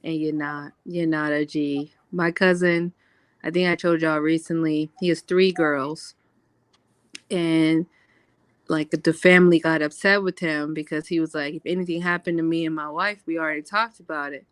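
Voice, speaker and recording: A woman hosting a casual video-call chat, telling animated stories and acting out what people said. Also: sits low, moderate pace, smooth, no room sound. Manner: animated storyteller who acts out quotes. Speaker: reading sprint host.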